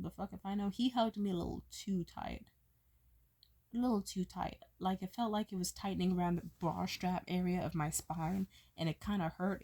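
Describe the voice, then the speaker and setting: A drunk woman vlogging a profane, joking story in a casual, animated way. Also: mid-range voice. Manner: animated, profane, jokey, slurs words while tipsy.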